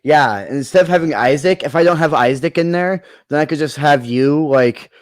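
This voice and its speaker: A man's voice: a little high, moderate pace, no echo. A man in a casual chat who rambles through his movie ideas, with many restarts along the way. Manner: rambling, full of fillers and restarts. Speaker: creator pitching movie ideas.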